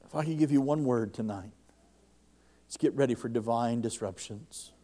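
A man preaching a sermon to a congregation, fervent, and his voice rises loud when he quotes others. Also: mid-range voice, moderate pace.

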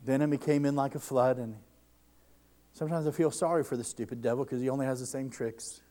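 A man preaches fervently to a congregation, and his voice rises loud whenever he quotes others. He speaks quickly, with a medium pitch and fairly even intonation.

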